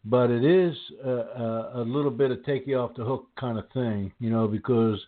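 A man's voice: mid-range voice, normal speed. A man in his sixties hosting a faith conversation, talking casually and often repeating words as he goes. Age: 60s. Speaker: host. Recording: phone-like audio.

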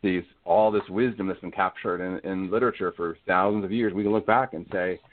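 Guy being interviewed, earnest and thoughtful, kinda low voice, phone line quality. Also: fairly even intonation, fairly quick. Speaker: guest. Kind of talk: casual faith interview.

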